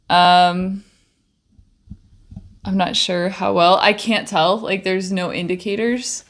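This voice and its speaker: Bubbly young woman chatting while painting. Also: mid-range voice. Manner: chatty, bubbly, trails off and restarts. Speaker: livestreaming painter. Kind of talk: casual chat while painting. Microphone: desk microphone.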